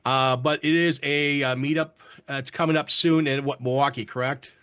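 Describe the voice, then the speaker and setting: A man's voice: mid-range voice, fairly even intonation, normal speed, a bit bright, smooth. A man hosting a casual online roundtable, chatting and greeting viewers from the chat. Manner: chatty, reads viewer comments aloud. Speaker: show host.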